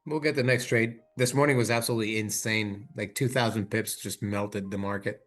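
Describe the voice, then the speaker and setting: A man hosting a live trading stream, chatting in loose, slangy banter with quick laughs. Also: lowish voice, steady tone, soft background music. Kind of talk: casual chat while trading.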